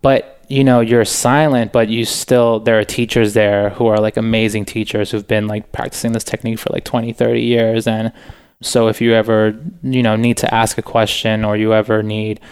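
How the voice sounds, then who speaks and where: A young man talking as a guest in a relaxed, earnest way, full of "like" and "you know" fillers. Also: lowish voice, normal speed, clear, resonant tone. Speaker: podcast guest, author. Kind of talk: casual interview chat.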